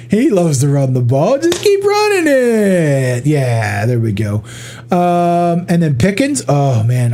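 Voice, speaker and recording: High-voiced man in profane sports chat. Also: darkish tone. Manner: profane, rambling, laughs often. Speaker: podcast host. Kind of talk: casual sports betting chat.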